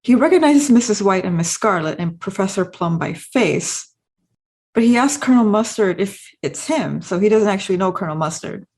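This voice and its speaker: A woman's voice: medium pitch, lively intonation, normal speed, darkish tone. A woman hosting a video essay, talking through her analysis in a casual, explanatory way.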